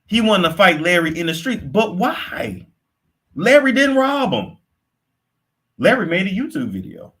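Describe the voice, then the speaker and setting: A young man giving casual, profane gossip commentary, animated and quick to react, sometimes slipping into put-on accents. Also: sits high. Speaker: commentary host.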